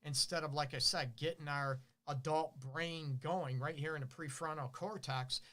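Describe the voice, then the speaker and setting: A man's voice: a little high, steady tone, moderate pace, pushed and bright. A middle-aged man hosting a relationship advice show, talking casually and animatedly, asking rhetorical questions and acting out what partners say. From Detroit.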